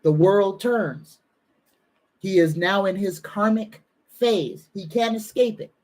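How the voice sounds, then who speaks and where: A woman with a warm, medium-pitched voice gives an earnest live-stream reading as a psychic medium and tarot reader. She speaks slowly and soothingly, and her emotion at times brings her to the verge of tears.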